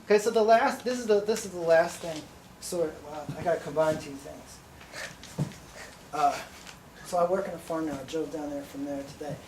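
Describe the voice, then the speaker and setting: A sleep-deprived man telling a rambling stand-up story in a deadpan way, recorded live in a small venue from a distance. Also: fairly high pitch, normal speed, long pauses, a crowd in the background. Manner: rambling, deadpan, breaks into laughter. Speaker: stand-up comedian. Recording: echoey room from far off.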